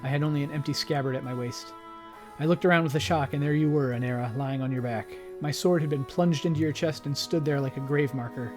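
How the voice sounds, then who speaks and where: Man, gaming channel host, reads game story aloud, dramatic and expressive, faint background music. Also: on the high side, fast.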